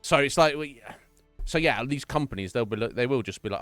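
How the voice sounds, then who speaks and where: Male streamer, animated, loose and profane, close dry sound. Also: mid-range voice, dry recording, faint music behind. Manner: chatty, profane, quick to laugh. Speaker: Twitch streamer. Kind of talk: casual live-stream chat with viewers.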